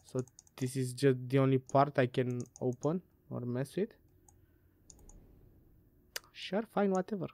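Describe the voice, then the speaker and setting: A woman's voice: very deep voice, measured pace, pauses often, darkish tone, no room sound. A woman playing a puzzle game and giving let's play commentary, muttering, swearing and laughing to herself. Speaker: gamer.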